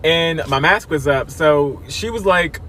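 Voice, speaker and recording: A man's voice: fairly high pitch, unhurried, slight background noise. A man telling a funny story from his job as a care worker, laughing as he goes. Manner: laughing, animated retelling. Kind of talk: casual storytime.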